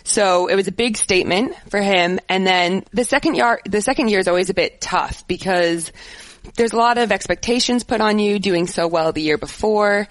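A woman's voice: medium pitch, moderate pace, dry recording, rough recording. A woman football coach talking with enthusiasm and care in a casual interview. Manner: enthusiastic, earnest, laughs easily.

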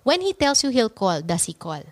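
A woman's voice: on the high side, fairly quick. A woman with a Filipino accent, a podcast guest animatedly telling stories in casual chat and mixing Tagalog with English. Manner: animated storytelling, switching between Tagalog and English.

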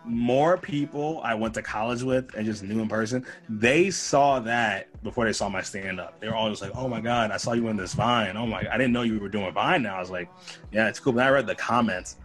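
A man's voice: lowish voice, a little fast, soft background music. A young man from the Boston area, a comedian, telling stories in casual chat and acting out the people he quotes. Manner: animated storyteller, acts out quoted voices.

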